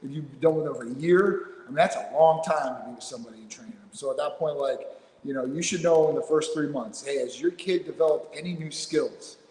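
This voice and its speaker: A man speaking as a guest on a casual video call, blunt and animated. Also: on the high side, a little fast. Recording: echoey room with long reverb.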